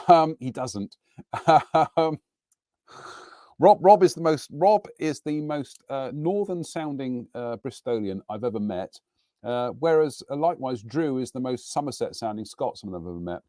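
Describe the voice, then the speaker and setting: A middle-aged man talks casually through a live model-building session at his workbench. He rambles and pokes fun at himself. His voice sits at an ordinary pitch and sounds dry and close. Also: animated, normal speed, mellow, dry recording. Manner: chatty, rambling, self-deprecating. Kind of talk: casual live demonstration and chat. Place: home workbench.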